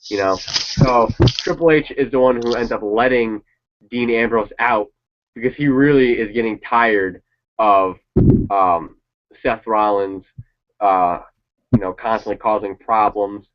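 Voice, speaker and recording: A man's voice: on the low side, measured pace. A man chatting casually and swearing now and then as he reacts to a wrestling show. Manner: rambling, opinionated, swears casually. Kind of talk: casual chat. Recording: dull lo-fi sound.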